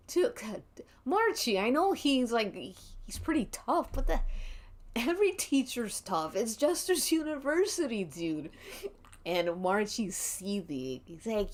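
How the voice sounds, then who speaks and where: Slow-talking woman streamer narrating a game. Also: medium pitch, big pitch swings. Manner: laughs often, swears casually. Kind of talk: casual game narration on a livestream.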